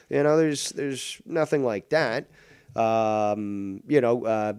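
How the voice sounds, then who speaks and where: Brief: male streamer, mid-pitched, combative and sneering, very dry close-miked sound. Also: a little mellow, no room sound. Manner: mocking, combative, swears a lot. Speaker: streamer reacting to clips. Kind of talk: profane ranting commentary.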